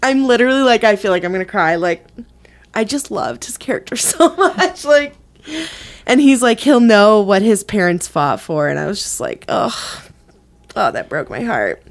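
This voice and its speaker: A woman's voice: medium pitch, lively intonation, normal speed. A young woman co-hosting a casual podcast chat, emotional and crying, laughing through her tears. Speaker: podcast co-host.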